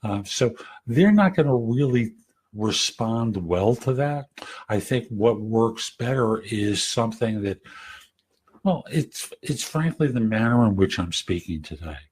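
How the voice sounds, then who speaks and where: A man in his later years, hosting a podcast, giving career advice in a soft, gentle, conversational way. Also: lowish voice, animated, a little slow, a little hiss or hum. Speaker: career coach and podcast host. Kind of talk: casual advice talk.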